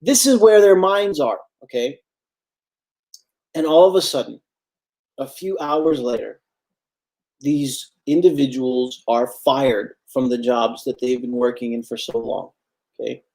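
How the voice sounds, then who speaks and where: A man's voice: mid-range voice, a little slow, pauses often, darkish tone. Earnest man preaching a Friday sermon. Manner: earnest, repeats phrases for emphasis, addresses "brothers and sisters". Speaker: imam giving Friday sermon.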